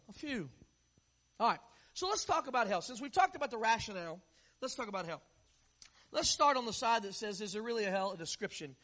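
Very high-voiced preacher man. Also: a bit bright. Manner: conversational, joking storyteller. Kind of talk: sermon.

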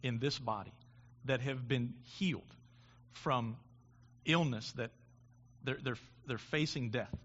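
A man preaching a sermon, with halting restarts, building to impassioned preaching. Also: medium pitch, a bit bright, dull audio. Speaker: pastor.

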